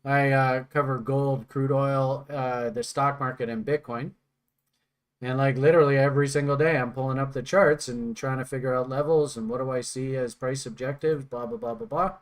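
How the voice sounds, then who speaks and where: A man's voice: medium pitch, steady tone, moderate pace. A man hosting and teaching trading in a casual, rambling way, joking and thinking aloud with many fillers. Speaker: trading instructor and host.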